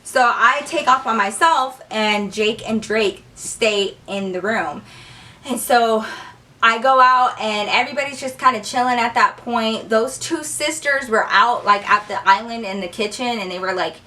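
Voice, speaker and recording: Bright, animated young woman telling a story. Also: measured pace, far from the mic. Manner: animated, profane, acts out quotes with big pitch jumps. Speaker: storytime vlogger. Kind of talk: casual storytelling.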